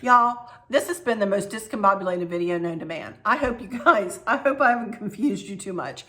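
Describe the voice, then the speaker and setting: A woman's voice: medium pitch, animated, fairly quick. A middle-aged woman talks straight to her viewers in a loose, rambling vlog chat. She keeps her tone effusive and friendly and jumps from one thought to the next as she goes. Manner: chatty, rambling, warm and effusive. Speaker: channel host. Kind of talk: casual chat to camera.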